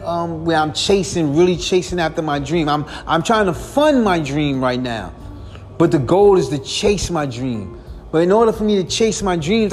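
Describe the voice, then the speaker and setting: A man hosting a podcast, talking in a casual, rambling monologue. He sounds earnest and weary, repeats himself, and keeps calling the listener "man". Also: high-pitched. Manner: earnest, repetitive, peppers lines with "man". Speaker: podcast host.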